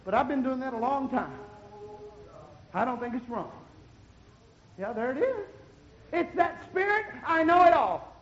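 A man preaching a fiery sermon as pastor, rising to shouted exhortation and dropping low again. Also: animated, a little slow, pauses often, highs cut off.

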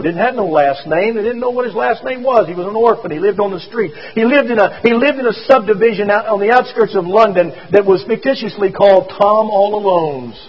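A man's voice: high voice, breathy edge, highs cut off. A man telling a story in a folksy sermon, repeating himself as he goes.

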